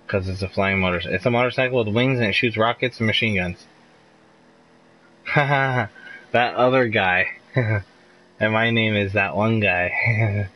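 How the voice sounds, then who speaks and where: A man's voice: lowish voice, unhurried, long pauses, bright, forceful tone, low-quality recording. A young man live streaming a video game, chatting casually and swearing as he gets frustrated. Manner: frustrated, swearing, laughing outbursts. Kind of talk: casual gameplay commentary.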